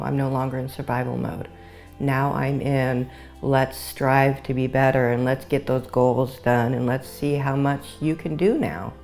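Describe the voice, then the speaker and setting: A woman giving an earnest testimonial about her new home, speaking slowly and deliberately. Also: very deep voice, vocal fry, a little mellow. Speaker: housing resident. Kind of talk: testimonial interview.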